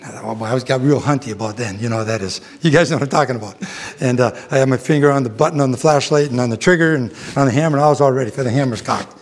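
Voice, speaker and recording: A middle-aged preacher with a medium-pitched voice delivers a folksy sermon, wandering through a story about a ranch. He chuckles along the way and speaks directly to his congregation.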